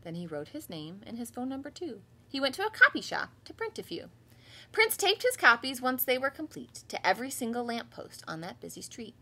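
A woman in her thirties teaches kindergarten from home, reading a picture book to children and then running through letter sounds. Her voice is bright and fairly high, swooping animatedly through the story. There is a slight breathy edge to it. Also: fairly quick. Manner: lively storytelling with voiced characters. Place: home, livestreamed class.

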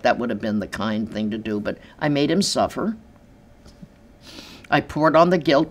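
An older woman telling stories in an interview from her apartment, animated and acting out the voices of others. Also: deep voice. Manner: animated, acts out quoted voices, laughs easily. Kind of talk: storytelling in an interview. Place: large empty room in her apartment.

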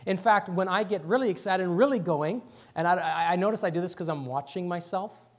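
A male pastor preaching a sermon in church, talking quickly and excitedly and sometimes dropping words. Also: high voice. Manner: talks fast and excitedly, drops words.

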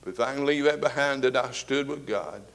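A man's voice: medium pitch, fairly quick, a bit bright. Older man, seventies, church pastor, fervent sermon, rises and falls in volume. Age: 70s. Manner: fervent preaching with rising and falling volume. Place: church sanctuary with congregation.

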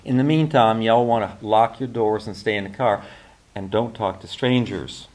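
A man reading the part of a brisk woman phone operator with a twangy, smoker's rasp. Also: medium pitch, close to an everyday voice.

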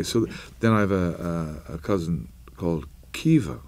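A middle-aged man with a Northern Irish accent, chatting casually in an interview and musing with frequent pauses and restarts. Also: low-pitched, darkish tone, no room sound. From Northern Ireland. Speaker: actor interviewee.

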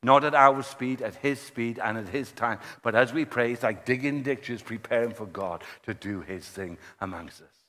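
A man preaching a sermon, telling a story in a lively way and acting out the people he quotes. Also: medium pitch, moderate pace. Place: church hall. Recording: long church-hall reverb.

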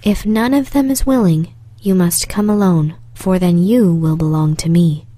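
A grim male beast from a fairy tale, threatening in a low, hushed way rather than roaring. A woman reads him in a soft voice, dark and mellow, close and dry. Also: moderate pace, no echo, lightly acted. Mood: stern.

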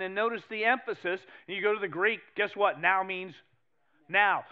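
A male pastor with a New England accent preaching a sermon, animated and emphatic, swinging between loud exclamations and hushed asides. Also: high voice, moderate pace, lo-fi sound. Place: church sanctuary.

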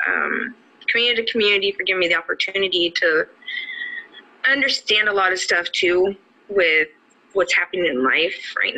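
A woman's voice: lowish voice, bright, forceful tone, highs cut off. A middle-aged woman, an adult student, tells her personal story in an earnest, heartfelt way, often saying "you know". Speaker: adult student award winner. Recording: music playing underneath the voice. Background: music.

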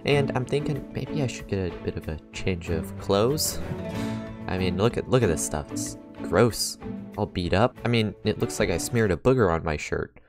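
A man hosting a game let's play, chatting casually to viewers and getting easily excited, with gasps and frequent laughs. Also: low-pitched, normal speed, loud music behind the voice. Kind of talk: casual gaming commentary.

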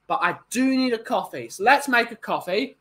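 A man's voice: extremely high pitch, lively intonation, normal speed, sharp tone, rough recording. A tired man, hosting a casual livestream and chatting as he reads out viewers' greetings. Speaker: livestream host.

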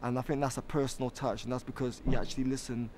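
A male musician speaks in a laid-back, heartfelt way. His voice sits at an ordinary pitch, with a faint noise behind him. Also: flat delivery, fast talker, darkish tone. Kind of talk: casual interview.

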